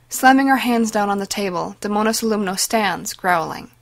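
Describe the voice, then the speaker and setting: A woman giving dramatic, measured scripted narration of a story. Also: medium pitch. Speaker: audiobook narrator.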